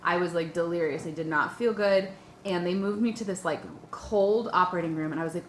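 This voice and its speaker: Young woman, casual storytelling vlog, chatty and excited, echoey room. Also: on the low side, brisk. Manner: excited and breathless, lots of "like" and "um", acts out her own panicked questions. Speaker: vlogger. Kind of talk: personal storytelling. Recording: echoey room with faint ambient noise.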